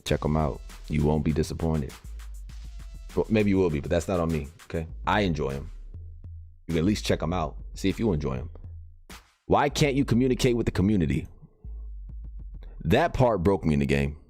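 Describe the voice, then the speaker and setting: A man's voice: extremely low pitch, animated, a little fast, long pauses, darkish tone, soft background music. A man hosting a live game stream, chatting casually and reacting to viewer comments as he reads them aloud.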